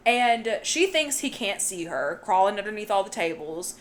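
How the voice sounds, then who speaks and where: A woman's voice: medium pitch, animated, normal speed, slight background noise. A woman co-hosting a podcast, casually recapping a horror movie with lots of swearing and joking. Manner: profane, laughing, retelling plot with put-on quotes. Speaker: podcast co-host.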